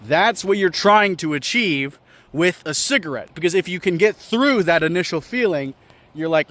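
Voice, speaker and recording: A young man with a slightly high voice vlogs in a casual comedic rant. He swears often and sounds incredulous and animated. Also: moderate pace. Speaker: vlogger.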